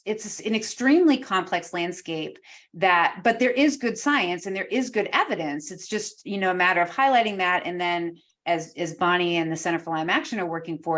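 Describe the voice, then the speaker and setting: A woman's voice: on the low side, a bit bright. A woman co-hosting an interview podcast, explaining in an earnest way and peppering her talk with "you know". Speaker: guest co-host.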